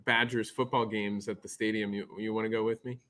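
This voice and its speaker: A man from Nebraska hosts a podcast over a remote call. His voice sits a bit low, and he keeps things upbeat and friendly. He tosses out chatty questions. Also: little pitch movement, brisk, bright, forceful tone. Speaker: podcast host. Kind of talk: casual interview chat.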